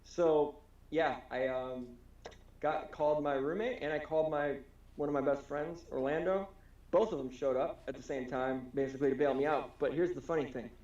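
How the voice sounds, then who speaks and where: A man's voice: a little high, moderate pace, darkish tone. A man from Wisconsin telling a rambling story in a casual podcast chat, swearing freely and acting out the people he quotes. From Wisconsin, USA. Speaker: podcast co-host. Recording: roomy, slightly dull home recording.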